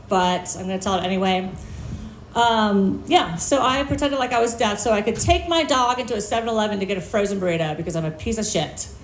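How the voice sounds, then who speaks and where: A woman's voice: fairly high pitch, slight background noise. A woman doing a stand-up set on a bar stage, telling stories in a brash, profane, self-mocking way. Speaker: stand-up comedian. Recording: echoey live room.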